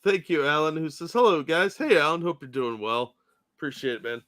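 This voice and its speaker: A man's voice: a little high, expressive, brisk, a bit bright. A man co-hosting a live stream, cracking dry teasing jokes at his partner. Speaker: co-host of a live stream show. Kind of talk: casual live stream chat.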